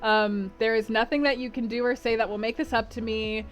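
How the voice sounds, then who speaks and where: A woman's voice: a little high, steady tone, brisk, faint music behind, lightly acted. A woman voicing a vain, cruel young nobleman in a storybook retelling, harsh and contemptuous. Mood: scornful.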